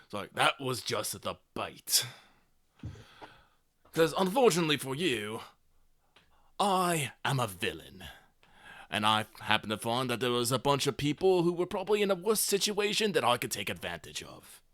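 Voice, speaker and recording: A man voicing a scheming male gang leader villain in a gravelly voice, delivering a smug threatening speech. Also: medium pitch, sing-song, moderate pace, pauses often, fairly bright tone, no echo, clean studio sound. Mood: smug menacing.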